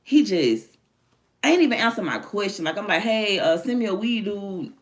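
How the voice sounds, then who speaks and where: A woman hosts her own stream and talks straight to her viewers. Her chat is frank and animated, full of slang and quick asides. Her voice sits at a middling pitch. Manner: candid, animated storytelling with slang. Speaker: livestream host. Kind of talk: casual chat.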